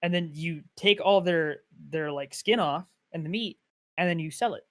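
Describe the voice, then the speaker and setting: Excitable young-sounding man chatting. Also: fairly high pitch, moderate pace. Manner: excitable, animated storyteller. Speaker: podcast co-host. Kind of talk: casual chat.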